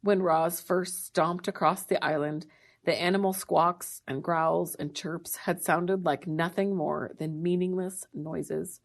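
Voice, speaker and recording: A woman reading a children's novel aloud in a steady, plain manner. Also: lowish voice, takes it slowly, creaky. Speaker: reader.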